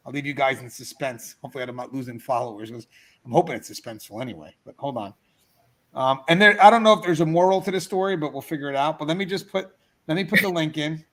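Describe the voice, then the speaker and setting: A middle-aged man hosting a livestreamed talk show, chatting casually and telling a story to his viewers in an animated way. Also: fairly high pitch, fast. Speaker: podcast host. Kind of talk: casual storytelling to a live chat.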